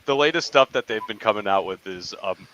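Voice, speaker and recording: A man hosting a casual podcast, who asks questions and gets excited and enthusiastic in a hesitant way. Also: on the low side, a little fast, highs cut off, slight background noise.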